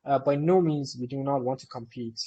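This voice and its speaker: A man's voice: mid-range voice, a little fast, warm tone, highs cut off. A man who co-founded a company, answering community questions in a live Q&A session in an eager, explanatory way.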